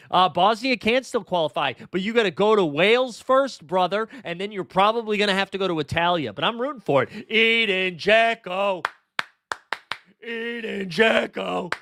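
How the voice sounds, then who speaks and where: In a dry, studio-quality recording, a young man with a high, somewhat bright voice hosts a fantasy sports livestream. His casual talk is rambling and profane, constantly slipping into tangents.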